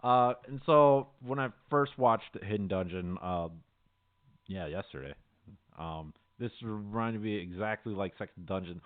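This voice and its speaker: A man's voice: on the low side, measured pace, smooth. Laid-back rambling man, tinny audio. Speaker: podcast co-host. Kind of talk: casual chat.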